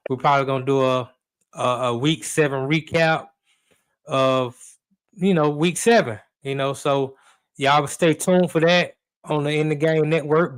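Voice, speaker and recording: A man's voice: fairly high pitch, clean tone. Laid-back sports co-host man. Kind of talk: casual podcast chat.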